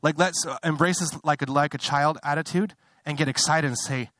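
Pushed and bright, this young pastor's voice stays fairly even in intonation and moves a little fast. The dry recording captures a conversational sermon that builds to high-pitched passion, broken up by self-interruptions and apologetic remarks.

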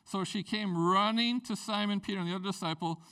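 A man preaching a sermon, telling personal stories in a conversational, animated way with big swings in pitch and volume. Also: brisk, smooth. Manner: conversational storytelling with lively swings in pitch and loudness. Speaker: pastor.

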